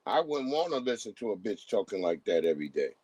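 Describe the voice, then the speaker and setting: A man's voice: fairly low pitch, sing-song, fast, darkish tone, breathy edge, no echo. A man hosting a livestream who talks in casual, profane commentary and acts out the voices of people he quotes. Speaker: livestream host.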